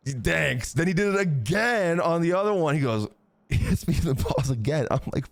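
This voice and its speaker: A man talks to his live chat from a dry, close desk mic. His pitch swings widely as he tells a crude story. He swears freely and keeps a casual, animated delivery. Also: brisk, dry recording. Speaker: streamer.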